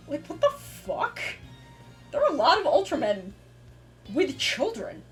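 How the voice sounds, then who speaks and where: High-voiced woman chatting, swearing freely. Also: unhurried, long pauses, soft background music. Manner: animated, swears freely, many fillers. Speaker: streamer. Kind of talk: casual stream chat.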